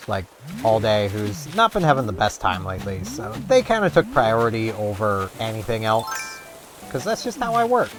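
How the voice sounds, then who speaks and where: Canadian man, casual gaming chat, rambling, animated voice, game music playing under him. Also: medium pitch. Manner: rambling, chatty, self-mocking. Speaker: gaming vlogger.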